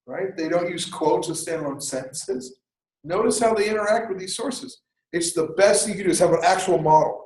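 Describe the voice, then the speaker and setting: A man teaching a writing workshop in a classroom, lecturing in a lively, conversational way with jokey asides. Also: sits high, normal speed, roomy sound, rough recording. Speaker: writing instructor.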